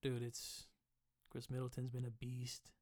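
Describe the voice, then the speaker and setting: A man's voice: medium pitch, completely flat delivery, unhurried, darkish tone, no room sound, studio quality. A man hosting a podcast, chatting casually and profanely about sports, rambling and joking at himself. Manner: loose, profane, rambling, jokey. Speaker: podcast host.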